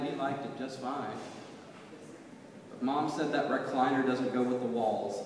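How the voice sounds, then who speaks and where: A man reciting his own poems in a measured, rhythmic way at a reading. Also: medium pitch, slight background noise. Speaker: poet. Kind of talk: poetry reading. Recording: echoey hall from far off.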